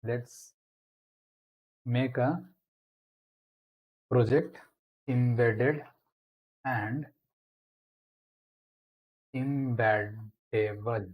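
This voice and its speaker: A man's voice: mid-range voice, fairly even intonation, narrow, tinny audio. A man explaining a programming lesson step by step as he types code in a screencast tutorial. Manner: slow, step-by-step explaining while typing.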